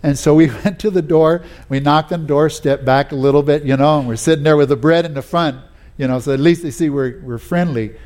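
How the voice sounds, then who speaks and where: A man's voice: fairly high pitch, steady tone, fairly quick, darkish tone. Folksy preacher man telling stories. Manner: folksy storytelling, many "you know"s and restarts. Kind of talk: sermon with personal anecdotes.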